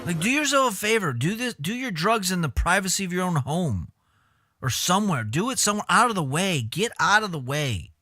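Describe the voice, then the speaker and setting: A man's voice: high voice, very animated, a little fast, bright, forceful tone, no room sound. A man streaming live, riffing on clips in casual, profane, exasperated commentary.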